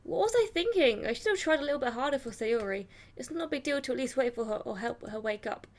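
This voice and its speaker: A woman's voice: fairly high pitch, fast talker. A young woman playing a video game, reading its story text aloud in first person with dramatic expression and swearing reactions. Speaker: gaming YouTuber.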